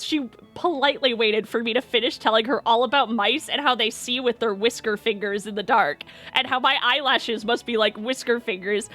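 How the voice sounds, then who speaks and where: A woman's voice: fairly high pitch, moderate pace, few pauses, a bit bright, soft background music. A young woman streaming, telling a rambling story in a chatty, self-deprecating way and laughing often.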